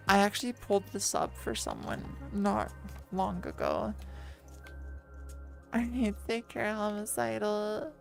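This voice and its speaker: A woman streaming while lying down, rambling casually and doubling back on her words. Her voice sits at an ordinary middle pitch with plenty of gravelly fry. Soft music plays faintly underneath. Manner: rambly, self-correcting, chatty with viewers.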